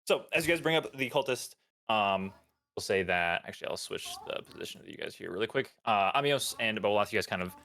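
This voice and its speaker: A man's voice: deep voice, bright, forceful tone. A man narrating a tabletop game as dungeon master in a loose, rambling way. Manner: loose, full of fillers and restarts.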